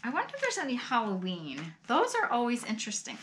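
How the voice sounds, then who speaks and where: A middle-aged woman chatting casually as she opens fan mail at home, gushing and exclaiming, with soft sighs and laughs. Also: a little high, wildly swooping pitch, fast talker, a little hiss or hum. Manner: often sighs and laughs softly. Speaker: vlogger opening fan mail. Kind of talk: casual chat.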